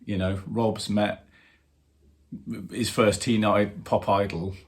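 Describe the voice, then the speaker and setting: A man in his fifties, a drummer hosting his own channel, telling a story with animated fan excitement and lots of fillers. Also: on the low side, slow. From England. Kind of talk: casual storytelling to camera.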